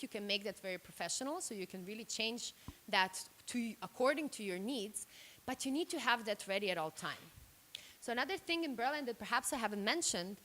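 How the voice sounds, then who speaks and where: A woman from Serbia and Slovenia giving a workshop talk at a microphone, direct and animated, acting out the reactions she quotes. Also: medium pitch. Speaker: workshop speaker. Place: room. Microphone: handheld microphone.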